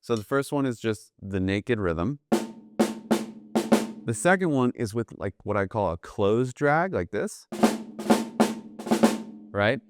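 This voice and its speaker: A man teaching jazz drumming in a relaxed, explanatory way, often checking in with "right?". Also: fairly low pitch, takes it slowly, long pauses, over loud music. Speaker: drum teacher. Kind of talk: casual instructional talk.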